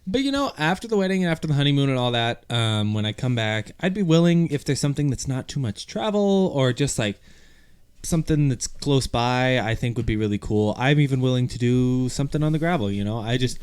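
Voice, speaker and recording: Smooth-voiced man chatting casually. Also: medium pitch, brisk. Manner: relaxed, loose talk with many "like"s. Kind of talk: casual chat.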